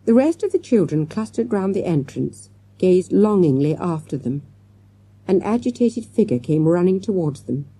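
A woman's voice: on the low side, normal speed, breathy edge, no echo. A woman narrating a children's storybook, voicing the characters as she goes. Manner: lively, acts out character lines. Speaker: audiobook narrator.

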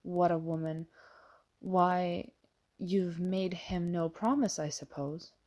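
A woman voicing a gruff, bossy steward, slow and mellow, storybook reading. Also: fairly low pitch, steady tone. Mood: stern. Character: stern male estate steward, middle-aged, blunt and scheming.

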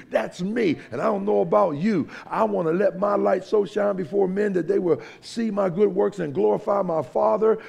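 A male pastor preaching a sermon, swinging from loud emphatic lines to hushed whispers, with joking asides. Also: high-pitched, gravelly, husky. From United States.

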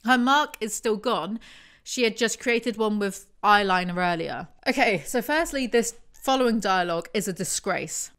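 A woman's voice: mid-range voice, lively intonation, normal speed, a bit bright. A young woman from England with an English accent, giving sarcastic commentary while reviewing a book. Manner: sardonic, exasperated asides.

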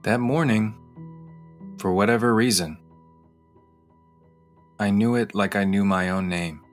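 A man hosting a podcast, narrating a personal story in an intimate, confessional way and slowing down on key phrases. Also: on the low side, faint music behind. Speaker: podcast host. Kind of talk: personal narration over music.

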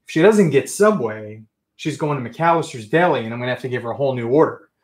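A man hosting a casual livestream, talking excitedly and ranting to his chat. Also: medium pitch, fast talker. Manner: excitable, ranting, says friggin' often. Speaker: livestream host.

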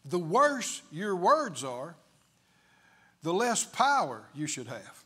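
A male preacher with a high, very animated voice gives a sermon at an unhurried pace. He leans hard on his points and keeps throwing rhetorical questions at his listeners. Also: breathy edge.

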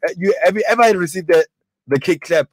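A man's voice: high voice, lively intonation, fairly quick, slightly rough. A man co-hosting a breakfast show, teasing and jumping between topics in casual banter.

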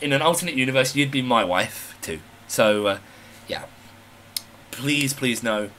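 Man friend, bright voice, cheeky and affectionate, casual swearing in a personal video message. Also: medium pitch, a little hiss or hum. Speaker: friend recording a support message.

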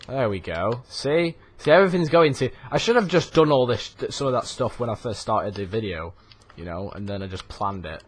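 With a husky, animated mid-range voice at normal speed, a young gaming YouTuber comments casually on his own let's play. He is frustrated, swearing constantly and muttering under his breath.

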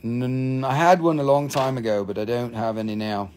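A man hosting a live-stream mineral sale, gushing excitedly over each stone, swearing freely and calling out prices. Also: mid-range voice, normal speed, a little hiss or hum. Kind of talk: live-stream sales chat.

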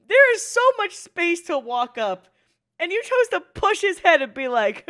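A woman's voice: very high voice, very animated, unhurried, fairly bright tone. A young woman hosting an anime reaction video, talking in a casual, emotional and profane way. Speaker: anime reaction channel host.

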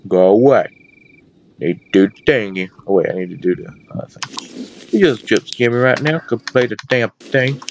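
A man giving casual let's-play commentary on a horror game, excitable and prone to yelping and shouting at the screen. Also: fairly low pitch, normal speed, faint music behind. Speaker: gameplay commentator.

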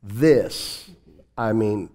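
Brief: male pastor host, lowish mellow voice, conversational interviewer. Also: expressive, drawn-out words. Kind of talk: church talk-show interview.

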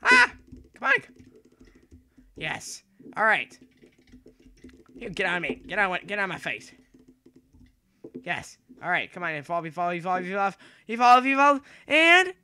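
A young man commentating his own gameplay, excitable and rambling, yelling and repeating himself as he plays. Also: high voice, slight background noise. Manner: excitable, yells and shrieks when playing. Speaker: gaming YouTuber.

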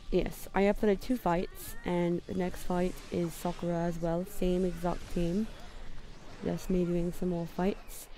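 A woman's voice: fairly low pitch, warm tone. A young woman from the United States, using a put-on London accent in rambling, self-deprecating gameplay commentary from her bedroom. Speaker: gamer.

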